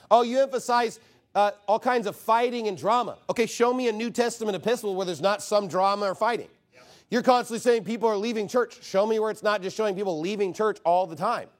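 A man preaching a sermon as pastor, emphatic and rhetorical, mocking objections in quoted voices. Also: sits high.

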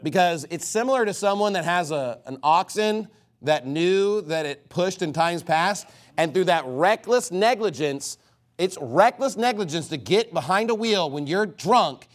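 Emphatic preaching man, fairly high voice. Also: lively intonation, measured pace. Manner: emphatic, preaching with sudden swings in volume and pace. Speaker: pastor. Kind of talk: fiery sermon.

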